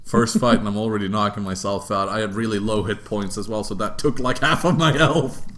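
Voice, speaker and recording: A man's voice: fairly low pitch, brisk, slight background noise. A young man, hosting a casual chat and telling a tabletop game story with lots of laughing and swearing. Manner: animated, laughing, swearing freely. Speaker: host.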